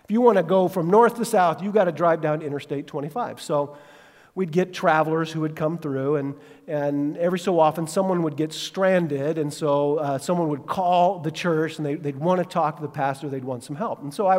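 A man's voice: fairly high pitch, normal speed, big-room sound. A male pastor preaching a sermon, telling stories animatedly and asking listeners direct questions. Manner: animated storytelling, acts out quotes, asks listeners questions.

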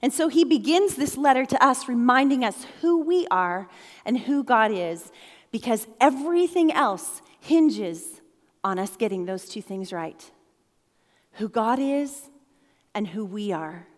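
A woman's voice: on the high side, animated, unhurried, in a large hall. A middle-aged woman pastor giving a sermon in a playful, conversational way, laughing often.

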